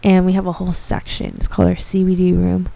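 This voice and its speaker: A woman's voice: on the low side, monotone, fast, vocal fry, warm tone. A young woman hosting a casual podcast monologue, rambling, swearing freely and filling with "like". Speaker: podcast host.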